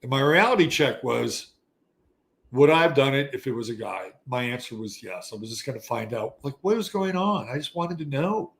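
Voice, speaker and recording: A man in his sixties, an astrology show host, telling a casual story in an animated, profane, conversational way. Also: mid-range voice, normal speed, gravelly. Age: 60s. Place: Texas.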